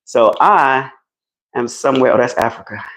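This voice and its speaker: Animated New Jersey man live-streaming. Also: medium pitch, normal speed, vocal fry, dry recording, low-quality recording. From New Jersey, United States. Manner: animated, chatty, addresses viewers directly, laughs often. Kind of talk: casual live-stream chat.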